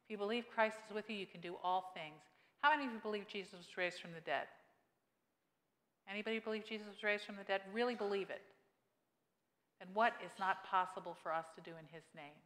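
A woman pastor giving a lively sermon, teasing her congregation with questions and urging them on. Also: medium pitch, fairly quick. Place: church sanctuary. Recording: long church-hall reverb.

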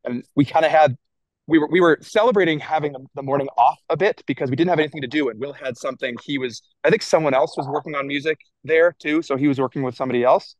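A man, a guest musician, recalling things in a lively, earnest way during a casual interview chat. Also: on the high side, fast, no echo, poor audio.

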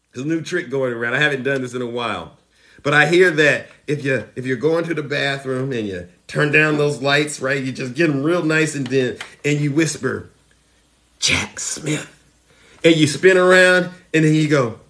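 Animated high-voiced male political commentator. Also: moderate pace.

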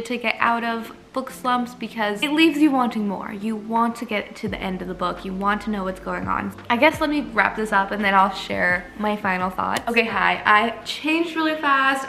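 A woman's voice: a little high, sharp tone, a little hiss or hum. A young woman in her twenties chatting casually in a reading vlog, emotional and laughing often. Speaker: book vlogger.

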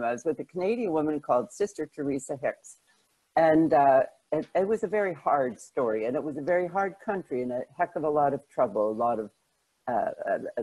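An older woman, a journalist, answers interview questions with lively anecdotes, stumbling restarts and self-deprecating laughter. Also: very deep voice, husky, low-quality recording. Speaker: guest, journalist.

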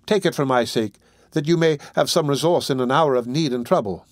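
A man reading an audiobook, voicing a gentle young lady with an eager, imploring manner. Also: medium pitch, brisk, no room sound, natural voice.

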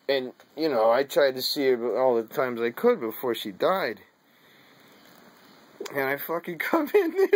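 Slow-drawling, profane man telling a story. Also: medium pitch. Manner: drawling and profane, peppered with "dude"; laughs while telling the story. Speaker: vlogger. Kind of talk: casual storytelling.

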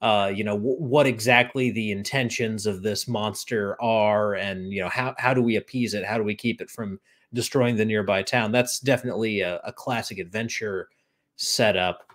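A man's voice: lowish voice, fairly even intonation, moderate pace, a bit bright. A man hosting a conversational interview, restarting his phrases often. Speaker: podcast host. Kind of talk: casual interview talk.

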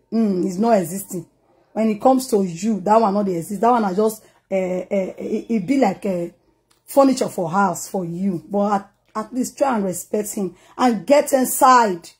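A woman's voice: medium pitch, mellow. A Nigerian woman vlogger and singer, teasing and scolding someone directly to camera in a casual way. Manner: teasing, scolding, mixes pidgin and mock sympathy.

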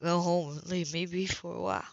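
A woman voicing a weary, gruff grown man who speaks low and curt, in a read-aloud novel. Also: steady tone, brisk, no echo. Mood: stern. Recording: dull lo-fi dry audio.

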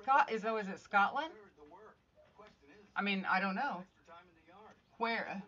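Taking it slowly, a woman with a mid-range, pushed and bright voice hosts a casual craft livestream from home. She chats cheerfully with viewers and greets them by name while working. Her phone streams it live, with slightly dull audio and faint music behind.

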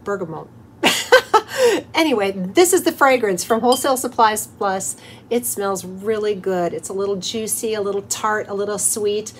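A woman's voice: medium pitch, normal speed, slight background noise. A middle-aged woman hosting a home craft tutorial, chatty and cheerful, talking through each step as she works. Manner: cheerful and chatty, with soft laughs. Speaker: host of a soap-making channel.

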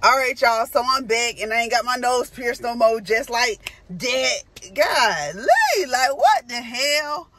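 Young woman vlogger, fairly high voice, slangy and chatty, phone mic with faint background noise. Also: slow pace, hardly any pauses. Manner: slangy, animated and chatty, addresses viewers as y'all. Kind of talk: casual vlog to camera.

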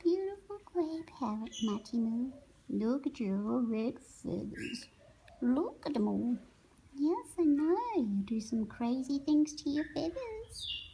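A woman's voice: high voice, expressive, slow pace, vocal fry, mellow, slight background noise. A woman talking doting baby talk to her pet parrot, with whispery asides. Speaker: pet owner.

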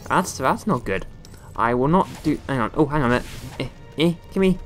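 A young man giving playful, rambling let's-play commentary over a video game, often jumping into squeaky high exclamations. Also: expressive, a little fast, fairly bright tone, faint music behind. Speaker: gaming YouTuber.

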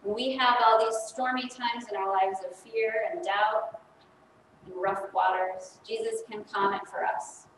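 A woman's voice: mid-range voice, steady tone, measured pace, a bit bright, a little hiss or hum. A woman in her thirties, a priest giving a children's sermon in a chatty way, asking the congregation questions. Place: church sanctuary. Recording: echoey church from far off.

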